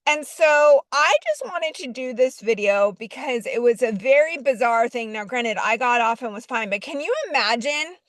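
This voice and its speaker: A woman's voice: fairly high pitch, lively intonation, moderate pace, few pauses, no room sound. A woman casually telling a personal story to camera, rambling with many fillers and restarts.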